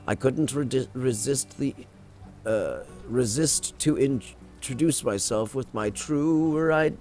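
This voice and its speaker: A secretive male agent, friendly and full of admiration for an old colleague, read aloud by a man. The delivery stays plain and unhurried, with a stumble now and then over the written lines. The voice sits at an ordinary middle pitch. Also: darkish tone, lightly acted. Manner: reads dialogue aloud with small stumbles.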